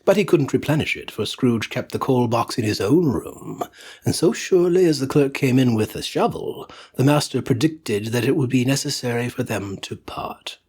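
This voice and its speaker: A man narrating a classic story as a dramatic audiobook reading. His husky voice moves through a wide, lively pitch range. He often sinks to a near whisper. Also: normal speed. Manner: expressive, drops to a near whisper at times.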